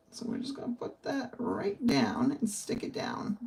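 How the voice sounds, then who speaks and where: A woman's voice: medium pitch, wildly swooping pitch, unhurried, a little mellow. A middle-aged woman from the northern United States, chatting casually as she explains a card-making project step by step. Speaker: papercraft instructor. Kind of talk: casual crafting demonstration.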